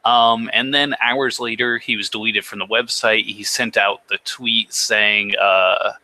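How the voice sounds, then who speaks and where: A man's voice: on the low side, steady tone, measured pace, bright, forceful tone, low-quality recording. A man co-hosting a casual chat show, summarizing news in a matter-of-fact way. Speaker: co-host.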